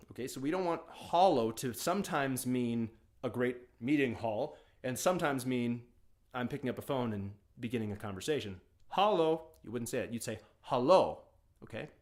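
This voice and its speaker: A man at a middle pitch explains words in a casual video lesson. He talks plainly and clearly, with playful, wry asides. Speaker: language teacher.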